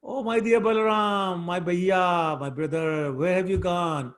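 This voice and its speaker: A man voicing a mischievous little boy who pleads innocence in a high, whiny voice. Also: sing-song, unhurried, darkish tone. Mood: crying for help.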